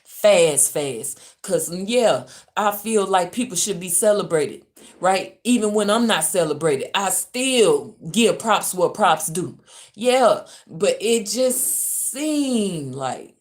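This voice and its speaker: A woman from Louisiana with a Louisiana accent, venting on a livestream from a hotel room, profane and swinging between muttering and loud outbursts. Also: mid-range voice, animated, slow pace. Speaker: livestreamer and spiritual reader. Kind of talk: ranting livestream.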